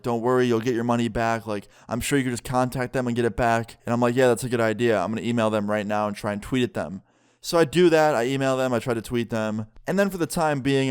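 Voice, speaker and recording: A man's voice: mid-range voice, smooth. A young man casually telling a personal story in a storytime vlog, full of "like" and quoted dialogue. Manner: casual, filler-heavy retelling with "like". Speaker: vlogger.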